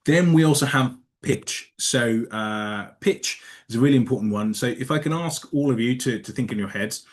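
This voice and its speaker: A man's voice: medium pitch, normal speed. Man from Nigeria giving a talk. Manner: conversational, repeats words as he restarts, asks the audience questions. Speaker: conference speaker teaching communication. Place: conference room.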